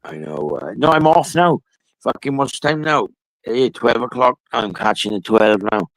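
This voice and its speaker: A man's voice: mid-range voice, lively intonation, moderate pace, fairly bright tone, dry recording, rough recording. A man telling a rambling, profane story in casual chat.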